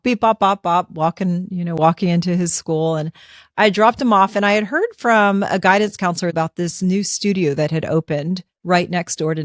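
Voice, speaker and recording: A woman in her fifties tells a personal story as a podcast host. She talks in an animated, conversational way and acts out her own thoughts. Her voice sits slightly low, and the close mic gives a dry sound. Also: no echo.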